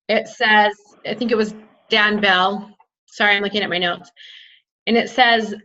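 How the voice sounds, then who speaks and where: A woman's voice: medium pitch, sharp tone. A woman sharing takeaways as a coach in a casual group chat, emotional and apologetic, laughing often. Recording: dull lo-fi audio.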